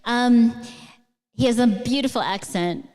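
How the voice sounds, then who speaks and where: A woman's voice: a little high, measured pace, darkish tone. A middle-aged woman, a guest author talking onstage before a live audience, telling rambling, enthusiastic stories full of fillers. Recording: long hall reverb.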